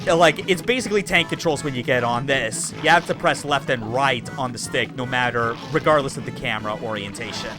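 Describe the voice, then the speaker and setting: A man's voice: medium pitch, a little fast, few pauses, over music. A man streaming a video game, rambling casually with profane asides as he plays. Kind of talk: casual let's-play commentary.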